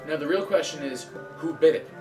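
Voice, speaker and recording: A man's voice: on the high side, a little fast. A man co-hosting and playing on a charity game stream, trading wry jokes with game music behind him. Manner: wry, joking banter. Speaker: stream co-host and player. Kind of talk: casual charity-stream chat. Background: video game music.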